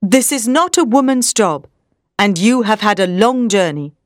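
Woman voicing grave elderly professor, commanding, lively pitch, dry sound. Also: measured pace, no room sound, close to an everyday voice. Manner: firm, commanding. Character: stern elderly male vampire-hunting professor.

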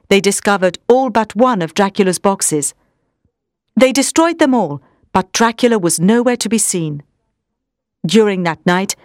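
A woman narrates a classic story in a measured, expressive way. Her voice sits in a mid-range pitch and sounds dry, with no room around it. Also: no echo.

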